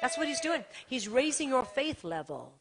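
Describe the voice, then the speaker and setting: A woman's voice: sits high, sing-song, normal speed, a crowd in the background. A woman preaching a sermon with fervor, repeating phrases over and over for emphasis.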